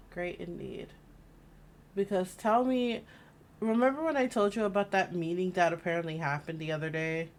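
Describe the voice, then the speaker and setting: A woman's voice: lowish voice, unhurried, pauses often, slight background noise. A woman streaming a game, chatting casually, rambling through stories and laughing often.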